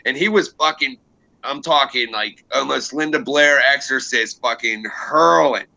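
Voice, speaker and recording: A young man hosting a livestream, telling a long story in a casual, profane, animated way. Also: medium pitch, measured pace, vocal fry, no room sound, poor audio. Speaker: livestream host.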